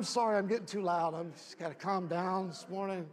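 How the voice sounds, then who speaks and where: A man preaching a sermon as pastor, rising to loud shouts and then dropping back to quiet, plain talk. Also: high voice, fairly quick. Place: church.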